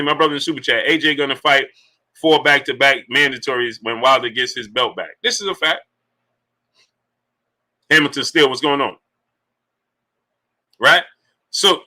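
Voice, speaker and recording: A man commentating on boxing during a live stream, reading super chats aloud and hammering his points with repeated rhetorical questions. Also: a little high. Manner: animated, repetitive, emphatic rhetorical questions.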